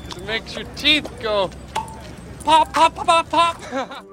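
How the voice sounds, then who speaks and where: An actor playing a meek, soft-spoken school teacher in a film comedy. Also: male voice, extremely high pitch, expressive, slow pace, full character voice. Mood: gentle, coaxing. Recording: outdoor film audio with street noise.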